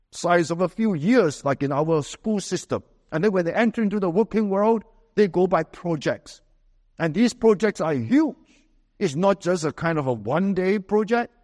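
Singaporean male pastor, emphatic preacher, high-pitched, reverberant hall sound. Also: darkish tone. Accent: Singaporean English. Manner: emphatic preaching with dramatic pitch swings and slow quoted scripture. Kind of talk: sermon.

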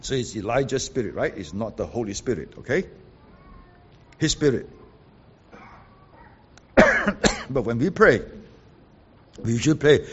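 A man's voice: medium pitch, big pitch swings, normal speed, pauses often, slightly rough, lo-fi sound. A man preaching and teaching the Bible, explaining the original text and often checking in with his listeners. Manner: explanatory, checks in with "okay?" and "right?". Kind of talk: teaching sermon.

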